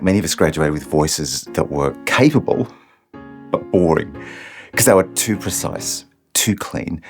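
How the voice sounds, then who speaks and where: A man with a very low voice gives a singing lesson, his pitch rising and falling with lots of expression. He explains each technique step by step, with soft music faintly under him. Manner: explains clearly, breaks off to sing short demonstrations. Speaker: singing teacher. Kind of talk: instructional video on singing technique.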